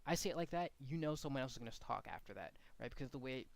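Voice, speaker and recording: A man's voice: medium pitch, lively intonation, quick pace. Blunt, casual man coaching commentators. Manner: frank, blunt, demonstrates commentary inflection. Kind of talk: casual feedback lesson.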